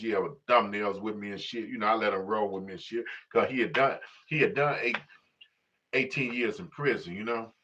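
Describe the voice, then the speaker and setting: Streetwise middle-aged male host from Chicago, loose and profane, medium pitch, somewhat muffled recording. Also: fairly bright tone. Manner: streetwise, profane, rambling, constant "you know what I'm saying". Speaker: livestream host. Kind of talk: casual unscripted monologue. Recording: slightly dull lo-fi audio.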